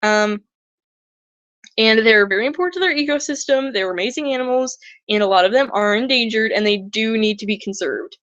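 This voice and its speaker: Young woman vlogger, high-pitched and chatty, earnest; dry, slightly muffled recording. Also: fairly quick, a bit bright, no echo. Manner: earnest, chatty, mimics other people in high squeaky voices. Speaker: reptile conservation vlogger. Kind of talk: casual educational vlog.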